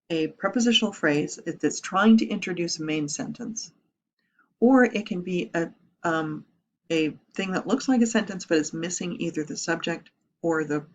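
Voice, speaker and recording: Female writing teacher, lower-pitched, lively and explanatory, checks in with the class as she goes. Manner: lively, explains with rhetorical questions. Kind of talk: classroom grammar lesson.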